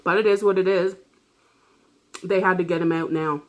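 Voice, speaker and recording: Woman vlogger, low-ish voice, loose rambling story-time delivery, frequent swearing and laughter. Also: fairly even intonation, normal speed. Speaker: vlogger telling a personal story. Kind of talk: casual story-time chat.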